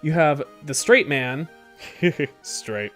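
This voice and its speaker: A woman's voice: deep voice, expressive, drawn-out words, faint music behind. A woman streamer giving wry, offhand commentary while playing a video game. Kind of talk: casual let's-play commentary.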